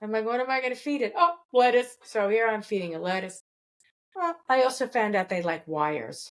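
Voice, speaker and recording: A woman's voice: fairly high pitch, normal speed, rough recording. A woman host on a video call, telling a personal story in a rambling, casual way. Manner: rambling, many restarts. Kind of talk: casual chat.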